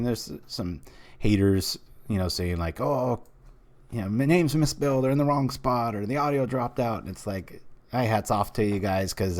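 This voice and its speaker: A deep, low-pitched man from the United States commentates his card-game stream. He talks in a loose, rambling way, full of fillers and side remarks. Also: a little mellow. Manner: rambling, many fillers, chatty.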